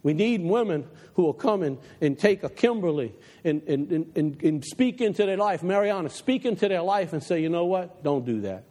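A male pastor delivers an impassioned sermon, his voice swinging widely from low, hushed asides to soaring high exhortations. The reverb of a big church hall hangs behind every line. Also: lively intonation, moderate pace, hardly any pauses. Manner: impassioned preaching, drops low for quoted advice. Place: church sanctuary.

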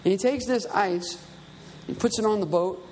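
A man's voice: high-pitched, moderate pace, a little mellow, slight background noise. A man preaching a sermon, telling a dream story in a conversational, emphatic way. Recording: reverberant hall with faint ambience.

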